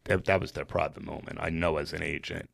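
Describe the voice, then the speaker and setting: A man from New Jersey, a podcast guest, telling a story in earnest, animated style with frequent fillers. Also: rumbling low, a little fast, creaky. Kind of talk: emotional storytelling in conversation.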